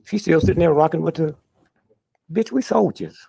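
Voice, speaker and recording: An older man, telling stories in an interview with a blunt, profane manner and a husky, gravelly voice. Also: a little high, moderate pace, dark tone. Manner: blunt, profane, punctuating with "huh?". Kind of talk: candid storytelling interview.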